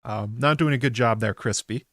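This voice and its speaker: A male podcast host recaps a TV episode, rambling casually and using plenty of filler words. His voice is medium-pitched and a little bright, at a moderate pace, captured in a dry, clean studio recording.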